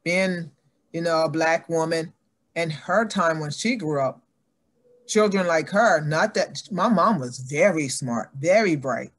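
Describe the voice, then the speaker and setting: A woman's voice: low-pitched, measured pace. An older woman, a guest athlete, telling her life story earnestly and acting out her family's voices. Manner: animated, acts out family members' voices in her stories.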